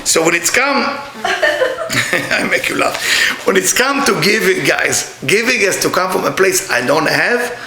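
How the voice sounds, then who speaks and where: A middle-aged man with an Israeli accent, giving a spiritual talk with blunt, joking, animated storytelling. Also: high-pitched, a little slow, reverberant, a crowd in the background. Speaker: kabbalah teacher.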